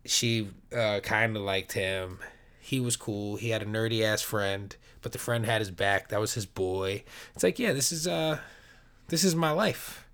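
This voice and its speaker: A man's voice: on the low side, a little slow, a bit bright, clear, resonant tone. A man hosting his own podcast, talking alone in a rambling, laid-back way, with plenty of swearing as he tells stories. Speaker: podcast host. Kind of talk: casual solo podcast monologue.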